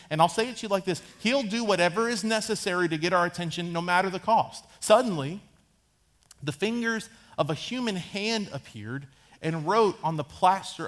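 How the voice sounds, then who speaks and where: A thirtysomething male pastor gives a sermon in a church sanctuary, with a high, fairly bright voice. His tone is conversational, and he slips into casual asides where he plays Bible characters.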